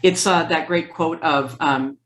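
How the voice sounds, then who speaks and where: Brief: low-pitched woman guest, lively anecdotal delivery, echoey room. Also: measured pace. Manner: lively storytelling, acts out quoted speech. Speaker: guest therapist. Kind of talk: conversational interview.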